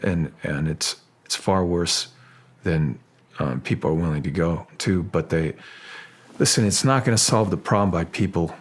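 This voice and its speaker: Husky, halting man telling a story. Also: low voice. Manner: halting, restarts often, grows animated while telling a story. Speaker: podcast guest, actor. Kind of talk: casual interview talk.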